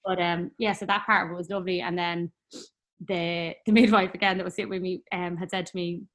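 Woman guest, fairly low pitch, rambling personal story, easy laughs. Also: flat delivery, a little fast. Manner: chatty, rambling, many fillers, laughs often.

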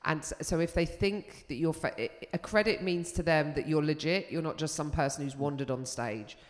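London woman comic, lowish voice, anecdotal and salty, long hall reverb. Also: moderate pace. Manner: lively anecdotes with swearing. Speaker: comedian guest. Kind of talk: live talk show chat.

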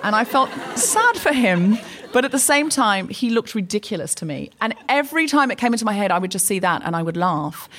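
A woman's voice: mid-range voice, sing-song, a little fast, hardly any pauses. A woman co-hosting a live comedy podcast, telling self-mocking stories onstage with hesitant restarts. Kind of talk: stand-up storytelling before a live audience. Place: arts centre stage. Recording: live stage recording, faint noise.

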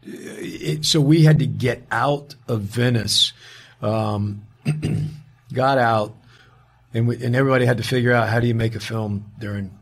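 A man being interviewed as an actor guest, telling an animated story in a casual way, quoting the people in it and restarting his sentences often. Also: medium pitch, a little slow, gravelly, breathy edge.

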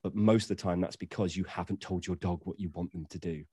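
A man who trains dogs, explaining in a joking, relaxed way with playful asides. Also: low-pitched, quick pace, slightly rough, no echo, studio quality. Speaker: dog trainer guest. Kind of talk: casual chat.

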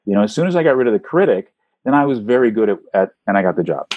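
A man, a voice actor, talking casually in an interview, telling animated stories and swooping up in pitch for emphasis. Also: rapid-fire, no echo, lo-fi sound. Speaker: voice actor guest.

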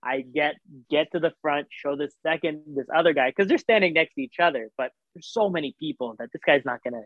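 A man telling a story in casual chat, animated, acting out the voices of the people in it, with lots of fillers. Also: fairly high pitch, fairly quick, no echo. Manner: animated, acts out quoted voices, filler-heavy. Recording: tinny phone-like sound.

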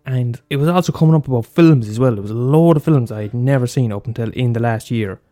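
A man's voice: mid-range voice, fast talker, dark tone, faint music behind. Rambling, swearing man podcasting. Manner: loose and profane, many fillers and restarts. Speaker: podcast host. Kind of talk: rambling solo podcast chat.

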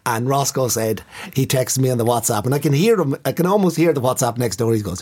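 A man's voice: mid-range voice, animated, fast, a little mellow, husky. An Irish man in casual chat, earnestly telling anecdotes and repeating himself.

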